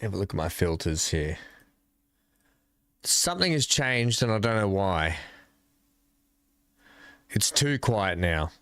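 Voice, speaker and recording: A man hosting a live stream, talking casually and haltingly into his desk microphone while he fixes his audio. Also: low voice, sing-song, a bit bright, smooth, no echo, clean studio sound. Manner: halting, mumbling, fixing his mic. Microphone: desk microphone with filters.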